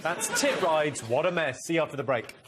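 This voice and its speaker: A man hosting a game show, with brisk, breezy patter. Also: on the high side, crowd noise, background noise. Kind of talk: quick-fire host patter.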